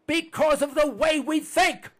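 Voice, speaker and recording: A man's voice: very high-pitched, measured pace. An older man hosting a talk radio show, ranting and repeating himself as he hollers at listeners.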